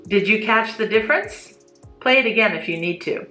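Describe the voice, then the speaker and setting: A woman teaching English in a clear, deliberate, scripted lesson style. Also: mid-range voice, animated, pushed and bright. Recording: roomy echo, faint music behind.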